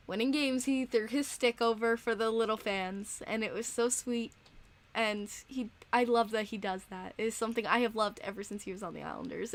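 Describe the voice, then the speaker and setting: A young woman hosting a casual live-stream podcast, reading out chat donations, chatty and quick to laugh and get emotional. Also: fairly high pitch, fairly bright tone.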